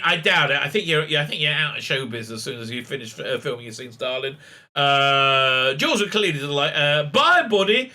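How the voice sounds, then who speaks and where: A man's voice: a little high, animated, moderate pace, sharp tone. A man giving ranting, sarcastic video commentary, full of fillers and sudden outbursts. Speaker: online commentator.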